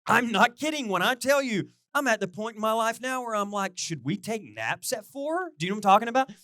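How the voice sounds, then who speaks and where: A middle-aged male pastor preaches in a loose, chatty way, often turning to his listeners with questions. His voice sits a little high for a man and swings widely in pitch. The sound is dry and close, with little room echo. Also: fast. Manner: animated, chatty, asks the crowd questions. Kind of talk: conversational sermon.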